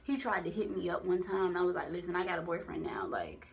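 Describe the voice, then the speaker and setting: Gravelly young woman telling a profane story. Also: lowish voice, quick pace, slight background noise. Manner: candid, profane, animated storytelling with quoted voices. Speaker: vlogger. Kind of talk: casual storytime monologue.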